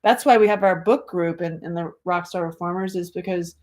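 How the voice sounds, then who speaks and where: A middle-aged woman talks straight to her viewers on a casual livestream. Her voice sits a little low, and she is animated and blunt, swearing freely as she reads out comments. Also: a little fast. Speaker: livestream host.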